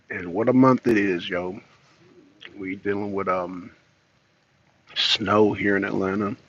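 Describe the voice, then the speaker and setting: Rambling slangy man, husky and lo-fi. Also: lowish voice, fairly bright tone. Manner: rambling, loose and slangy, many fillers. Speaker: political talk show host. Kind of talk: casual solo vlog commentary. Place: at home and in his car, garage.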